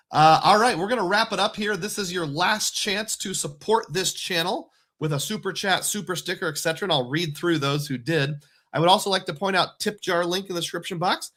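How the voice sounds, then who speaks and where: A chatty man hosting a relaxed livestream from a home setup. His voice sits a little higher than most men's. He wanders through the topic and reads out supporter names one after another. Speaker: livestream host. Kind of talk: casual livestream chat.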